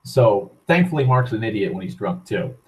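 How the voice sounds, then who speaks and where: A young channel host tells a long story in a rambling, casual monologue, swearing freely and filling his talk with "like" and restarts. His voice is fairly low and darkish, with big pitch swings and a moderate pace, in a rough recording.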